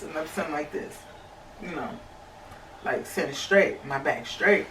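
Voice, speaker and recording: Woman vlogger, casual storytelling, bright voice, roomy and a bit off-mic. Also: on the low side, a little hiss or hum. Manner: chatty, many fillers, addresses viewers as y'all. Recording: echoey room, slightly distant mic.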